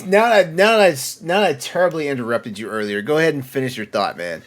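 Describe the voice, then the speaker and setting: A man hosting a casual podcast with a voice that sits on the higher side. He laughs readily and keeps cutting in to steer the talk back on track. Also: lively intonation, fast. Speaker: podcast host.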